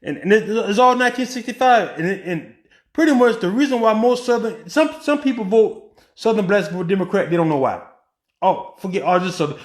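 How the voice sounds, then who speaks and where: A man's voice: high voice, expressive, fairly quick, roomy sound. A man giving a casual opinion monologue on a political commentary podcast, asking rhetorical questions and often restarting his sentences with ums.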